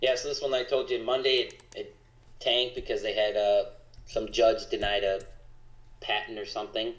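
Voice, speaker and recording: A man talking casually in a monotone on a stock trading livestream. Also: on the low side, normal speed. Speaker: co-host trader. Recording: echoey, dull lo-fi sound.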